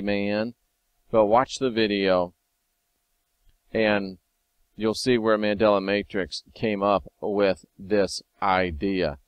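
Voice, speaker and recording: A man hosting a casual video monologue, talking wryly and sometimes excitedly as he reads and comments on scripture. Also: fairly low pitch, clean tone, no echo, lo-fi sound. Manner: conversational, wry, sometimes excited. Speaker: video host.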